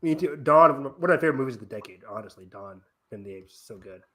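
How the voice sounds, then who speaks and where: Lively, excitable young man chatting. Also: mid-range voice, fast. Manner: excitable, jokey, exclamatory. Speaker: podcast co-host. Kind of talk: casual movie review chat.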